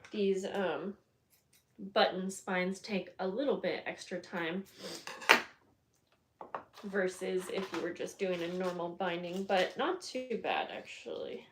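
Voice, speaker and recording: A woman's voice: medium pitch, fairly even intonation, takes it slowly, a little hiss or hum. Chatty woman crafting live on stream. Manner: chatty and scattered, greeting viewers and thinking aloud while she works. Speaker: bookbinding crafter hosting a livestream. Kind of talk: casual chat while working on a craft.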